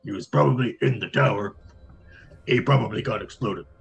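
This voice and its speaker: A man chatting as a player in a tabletop game, joking and animated. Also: medium pitch, a little fast, creaky, slightly rough, dull audio. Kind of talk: casual tabletop game chat.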